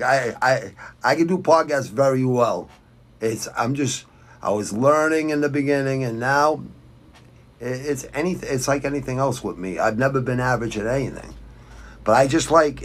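A middle-aged man from Boston with a Boston accent, hosting a fight podcast in a blunt, rambling, profane rant while reading viewer comments. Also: medium pitch. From Southwest Quincy, Massachusetts. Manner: blunt, rambling, heavy swearing. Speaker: podcast host.

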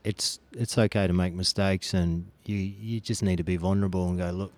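A man co-hosting a podcast, with a very deep voice. He speaks directly and plainly, agreeing readily with the others. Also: fairly even intonation, fairly quick, darkish tone. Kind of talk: casual podcast chat.

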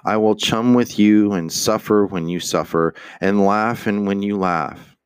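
Deep-voiced man reading slowly and earnestly. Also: clean tone, no room sound, studio quality. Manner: earnest, remorseful, with occasional stumbles and restarts. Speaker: reader. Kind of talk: dramatic reading of a father's letter.

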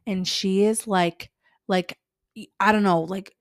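A young woman co-hosting a casual chat podcast, telling a story with lively acted-out reactions. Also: mid-range voice, unhurried, no echo, studio quality. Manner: animated storytelling, acts out her own reactions. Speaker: podcast co-host.

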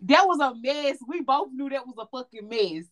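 A woman co-hosting a casual chat, telling animated and profane stories about her relationships. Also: high voice, moderate pace. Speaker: podcast co-host.

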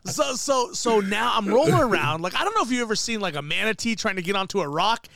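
Animated, profane man telling a comedy story. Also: sits high, moderate pace, creaky. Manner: profane, animated, acts out quoted voices. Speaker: podcast co-host.

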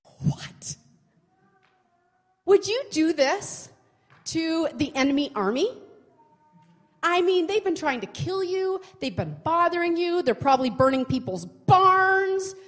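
Woman Bible teacher, high bright voice, very animated, chatty, long hall echo. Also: a little slow. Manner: chatty, expressive, asks the listener questions.

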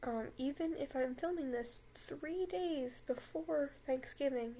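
A high-voiced young woman hosts a casual podcast from home, rambling with plenty of fillers and giggles. Her speech stays chatty and loose as she gets ready to read a story aloud. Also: takes it slowly, hardly any pauses, warm tone, rough recording. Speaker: podcast host. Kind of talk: casual chat and reading aloud. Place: home room with a dog.

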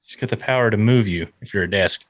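A man's voice: on the low side, fast, no echo, studio quality. A man co-hosting a podcast, teasing his co-hosts in casual banter. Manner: wry, teasing. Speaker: podcast co-host.

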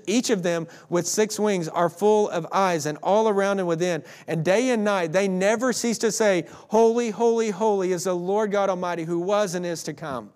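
High-voiced man preaching. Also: darkish tone. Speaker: pastor. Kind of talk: sermon scripture reading and prayer.

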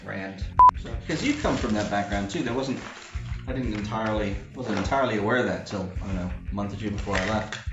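A man's voice: fairly low pitch, fast. A man playing a tabletop game, joking and teasing the game master. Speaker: player. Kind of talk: casual tabletop game chat. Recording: echoey room, dull sound, music.

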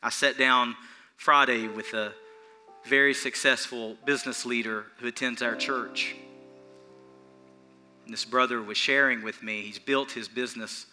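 Bright-voiced man preaching a sermon. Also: mid-range voice, measured pace, long pauses, soft background music. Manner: earnest and animated, repeating phrases for emphasis. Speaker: pastor.

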